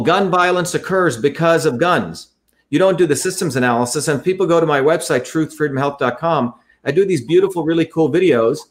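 A man guesting on an interview, earnest and lecturing as he explains his ideas step by step. His voice sits a little high for a man, and he tends to repeat phrases as he builds a point.

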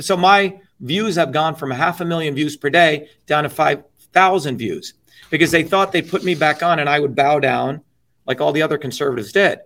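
A middle-aged man talking politics in an interview, emphatic and blunt, swearing freely and filling pauses with "you know". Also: fairly high pitch, fairly bright tone. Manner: emphatic, blunt and profane, with many you-knows. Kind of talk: impassioned political talk.

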